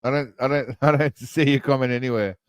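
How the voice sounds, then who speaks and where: A man chats through a live reaction stream, loose and joking, dropping casual swears and greeting his viewers. His voice sits at an ordinary pitch and sounds dry and close to the mic. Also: fairly even intonation, a little fast, clear, resonant tone, dry recording.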